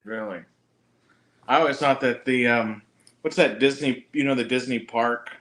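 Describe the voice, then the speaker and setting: A man's voice: medium pitch, normal speed, fairly bright tone. A man hosting a casual chat, easygoing and joking, who greets viewers as they drop in.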